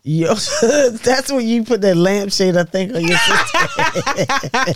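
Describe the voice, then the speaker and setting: Woman, middle-aged, mother, animated profane storyteller, dry close recording. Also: medium pitch, takes it slowly, no room sound. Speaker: mother of the guests, podcast guest. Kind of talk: casual family storytelling.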